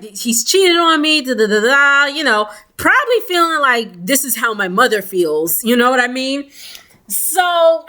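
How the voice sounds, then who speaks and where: Slow-talking bright-voiced woman vlogger. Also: high-pitched. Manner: animated storytelling with quoted voices and laughter. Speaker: reality TV recap vlogger. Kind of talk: casual chat.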